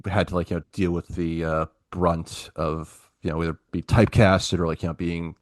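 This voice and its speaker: A man's voice: low voice, level tone, normal speed, no room sound, studio quality. A man hosting a casual podcast film discussion, talking in long rambling runs full of fillers. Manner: rambling, many "like, you know" fillers. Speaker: podcast host.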